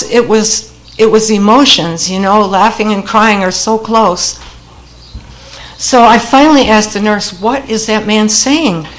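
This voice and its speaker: An older woman recounts a family memory in a relaxed storytelling voice. She tells it with dry, wry humor and laughs easily at her own lines. Her voice sits in an ordinary middle pitch. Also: rough recording. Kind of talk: personal storytelling.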